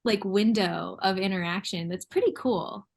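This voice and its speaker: A woman's voice: medium pitch, normal speed, gravelly. Thoughtful American woman, chatty guest. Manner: thoughtful, laughs often. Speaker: artist and designer, podcast guest. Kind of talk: casual chat. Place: New York.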